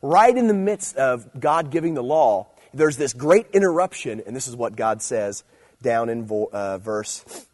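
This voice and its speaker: A young man giving a relaxed, conversational sermon, telling stories about home life and then preaching with growing energy. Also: medium pitch, unhurried. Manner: conversational storytelling, animated and playful when preaching. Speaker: youth pastor. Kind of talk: casual sermon.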